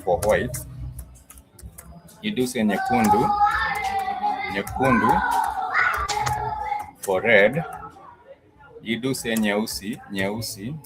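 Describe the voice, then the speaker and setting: A man teaching a language lesson online, patiently repeating each phrase slowly so learners can follow. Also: fairly low pitch, rough recording. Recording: steady background noise.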